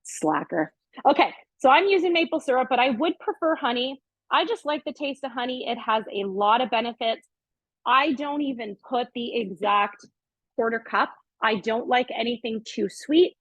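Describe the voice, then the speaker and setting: A middle-aged woman with a slightly high, somewhat bright voice hosts a casual home-kitchen cooking demo at a moderate pace, chatting upbeat as she goes. The audio is dry, dull, and lo-fi, without any room sound.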